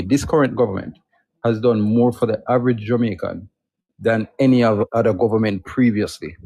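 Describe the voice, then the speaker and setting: A man hosting a livestream who speaks in a measured, assertive way, as if lecturing a guest. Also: on the low side, a little mellow, slightly rough. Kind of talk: persuasive commentary.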